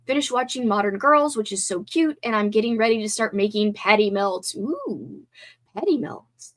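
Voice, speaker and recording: A woman's voice: mid-range voice, fairly even intonation, a little fast, a bit bright. A woman hosting a casual livestream, chatting and reading viewer comments aloud. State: teary, voice breaking. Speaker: livestream host.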